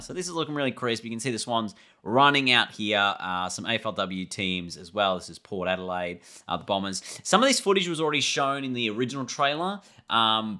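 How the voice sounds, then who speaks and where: A man's voice: lowish voice, bright, forceful tone. A man, a gaming YouTuber, giving a casual breakdown of a trailer and thinking aloud in a loose, rambling way.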